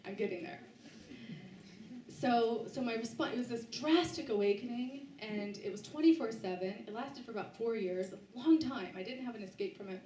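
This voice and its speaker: A woman's voice: fairly high pitch, warm tone, distant mic, a little hiss or hum. Woman telling her story in a roomy hall. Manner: halting, with frequent restarts and fillers. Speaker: author giving a book talk. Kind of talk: personal story told to a live audience. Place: bookstore event space, indoors.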